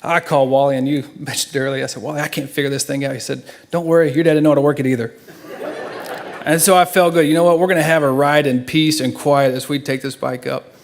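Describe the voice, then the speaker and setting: A middle-aged man, a son, giving an emotional eulogy in a church and telling stories earnestly, his voice swinging between hushed and loud. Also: mid-range voice, fairly even intonation, brisk, creaky.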